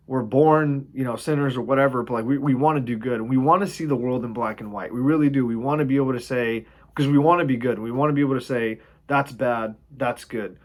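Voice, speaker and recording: A man casually explaining stock shorting, animated, swearing freely and acting out panicked traders. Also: mid-range voice. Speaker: investing video host.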